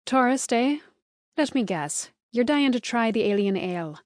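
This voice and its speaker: A woman voicing a blunt, sarcastic Irish bartender in her mid-thirties, speaking in a bored monotone in an audiobook. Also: on the high side, normal speed, dry recording, clean studio sound, voice pushed up, natural voice. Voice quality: flat monotone, sarcastic and abrupt.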